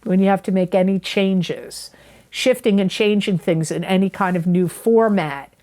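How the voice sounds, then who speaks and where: A woman's voice: on the low side, a little mellow. A woman reading tarot for viewers in a chatty, earnest way, often repeating herself and correcting her own words. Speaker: tarot reader. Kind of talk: monthly astrology forecast to camera.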